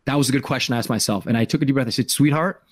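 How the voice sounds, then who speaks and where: A man's voice: medium pitch, fairly even intonation, racing, slightly rough, no echo. A middle-aged man hosting a podcast as a life coach, telling a personal story in an earnest way and often repeating words as he starts a thought.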